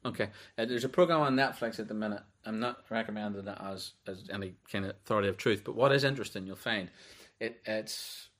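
A man teaching through a book of the Bible in a loose, conversational way. He reads scripture aloud with a slightly low voice and carries on with easy restarts. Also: quick pace, hardly any pauses, fairly bright tone. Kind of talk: conversational sermon.

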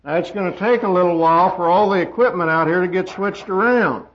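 A man preaching a sermon, swinging from loud emphatic peaks down to quiet asides. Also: a little fast. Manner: emphatic, rising to loud high peaks then dropping quiet. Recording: dull lo-fi sermon recording.

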